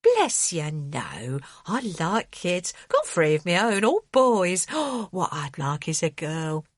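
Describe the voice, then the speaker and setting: A woman's voice: on the low side, wildly swooping pitch, slow pace, no echo, studio quality, heavily acted. Woman doing a chatty landlady. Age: 30s. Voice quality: homely dropped-h slang, motherly. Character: chatty working-class London landlady, kindly.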